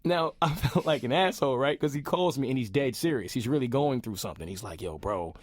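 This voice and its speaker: A man's voice: medium pitch, lively intonation, quick pace, no room sound. A man telling a story on a podcast, laughing often and acting out what others said. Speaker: podcast co-host. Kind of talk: casual storytelling chat.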